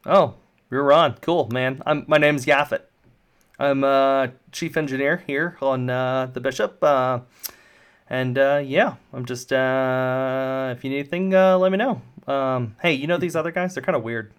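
A man's voice: mid-range voice, measured pace, clean tone, natural voice. A man voicing a friendly, slangy male slime creature who works as a ship engineer. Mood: chummy. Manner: easygoing slangy chatter. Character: friendly slimy male goo engineer, laid-back.

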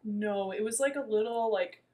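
A woman's voice: mid-range voice, normal speed, darkish tone, rough recording. A woman in her twenties telling a dating story in casual chat, full of fillers and "like". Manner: chatty storytelling, many fillers and "like".

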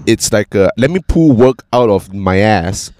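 A man's voice: fairly low pitch, expressive, measured pace, a little mellow, no echo, clean studio sound. A man chatting casually, rambling and repeating words, swearing freely and often asking "right?". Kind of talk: casual chat.

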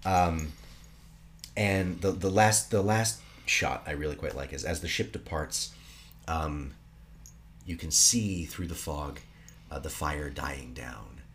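Very deep-voiced man retelling a film. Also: takes it slowly, a little hiss or hum. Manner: retells the plot dramatically, trailing into soft low whispers. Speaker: podcast co-host. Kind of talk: casual film recap podcast.

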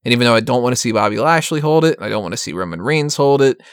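Male podcast talker, rambling and profane, mid-pitched, dry recording. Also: animated, racing, smooth, no room sound. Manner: profane, laughing often, rambling. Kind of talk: casual wrestling chat.

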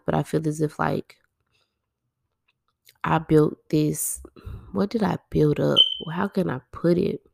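A woman's voice: low-pitched, creaky, no echo, clean studio sound. A woman, musing candidly and at length in a personal monologue, packed with "like". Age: 20s. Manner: rambling, heavy use of "like", candid and self-reflective. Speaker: podcast host.

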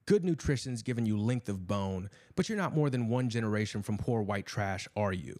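A man's voice: lowish voice, animated, moderate pace, a little mellow, natural voice. A man voicing a menacing, cultured imprisoned killer who talks in a cold, sneering, cryptic way.

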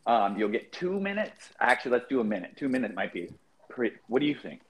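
Animated, profane podcast host man. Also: mid-range voice, a little fast. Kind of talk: casual chat.

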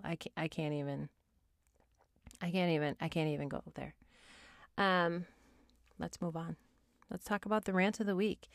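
A woman's voice: lowish voice, normal speed, dry recording, studio quality. A woman hosting her own podcast, ranting with sass and exasperation and swearing freely, then recapping a reality show in casual talk with mumbled asides. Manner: animated, sassy, exasperated ranting with frequent swearing. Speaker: podcast host.

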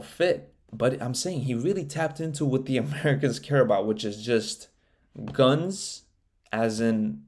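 A man's voice: medium pitch, a little mellow. Profane young man ranting on his podcast. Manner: profane, joking, slips into mocking impressions. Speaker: podcast host. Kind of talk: casual solo podcast rant.

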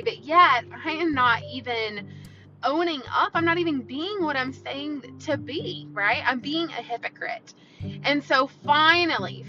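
A woman hosting a podcast, talking in an earnest, encouraging way and often asking "right?" and "you know". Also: a little high. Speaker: podcast host. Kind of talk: motivational podcast monologue. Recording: dull lo-fi sound with music behind.

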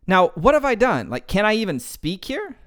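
A man's voice: high voice, huge pitch swings, normal speed, a bit bright, pitched above the performer's own voice, heavily acted. A man playing a bold young shepherd hero. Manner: slangy, casual modern phrasing.

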